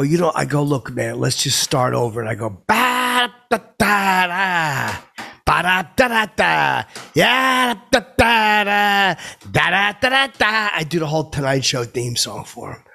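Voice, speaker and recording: A man's voice: mid-range voice, vocal fry, fairly bright tone, husky. A man playing a boastful, clueless middle-aged guy who rambles and stalls with fillers, calling himself by name in the third person. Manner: rambling, halting, full of fillers and "blah, blah". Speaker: podcast host. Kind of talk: improvised comedic character monologue.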